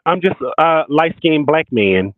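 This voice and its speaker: A man calling in to a chat, speaking in a halting, drawn-out way and repeating words. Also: fairly high pitch, animated, no echo. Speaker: caller. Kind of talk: casual call-in chat. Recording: tinny phone line.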